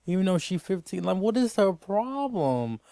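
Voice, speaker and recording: A man's voice: high-pitched, sing-song, normal speed, gravelly, dark tone, no echo, clean studio sound. A man giving a casual, rambling TV episode recap as host, sounding exasperated throughout.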